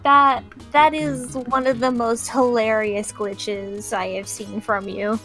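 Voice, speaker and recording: Woman, casual co-host, high pitch, relaxed slow chat with giggles. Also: faint music behind. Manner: chatty, giggling, animated storytelling. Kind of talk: casual chat about video game glitches.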